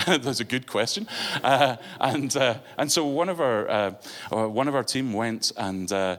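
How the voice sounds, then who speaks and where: Earnest, halting man preaching. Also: mid-range voice, a little hiss or hum. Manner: earnest, halting, with frequent fillers and restarts. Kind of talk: storytelling sermon.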